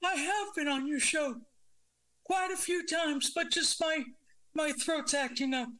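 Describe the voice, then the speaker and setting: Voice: high voice, measured pace, bright, forceful tone. A performer voicing a coy mystery guest who claims to be a psychic, in a muffled, distorted-sounding voice of unclear sex that dodges every question. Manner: evasive, coy answers.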